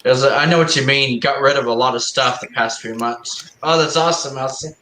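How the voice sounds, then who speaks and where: A man's voice: mid-range voice, brisk, sharp tone. A man hosting a live stream, chatting casually and rambling with lots of fillers and easy laughs. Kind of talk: casual chat. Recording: roomy echo.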